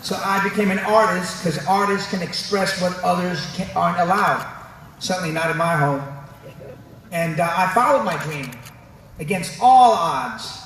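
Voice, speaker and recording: Man giving funny commencement speech, animated storytelling, high voice, booming echo, distant mic, crowd noise. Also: moderate pace. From New York City. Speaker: commencement speaker. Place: large ceremony venue. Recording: very echoey venue, distant mic, audience noise.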